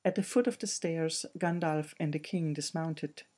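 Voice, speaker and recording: A man reading a fantasy novel aloud as an audiobook narrator, in a measured way. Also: a little high, darkish tone. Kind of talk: scripted narration.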